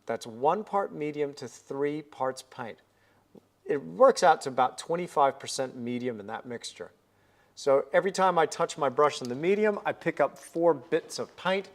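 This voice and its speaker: The host of a live painting stream keeps up upbeat chat and out-loud thinking as he works at his easel. His voice is on the high side and expressive, at a moderate pace.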